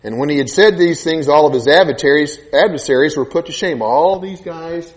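A man's voice: on the high side, brisk. A man preaching a sermon, retelling a Bible story and acting out the voices in the scene.

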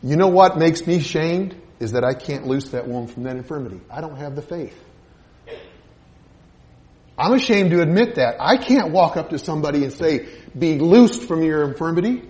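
A male preacher delivers a sermon in a high voice. His pitch swings widely as he tells a Bible story like a scene, voicing each character in turn. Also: moderate pace. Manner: animated storytelling, acting out biblical scenes with quoted voices.

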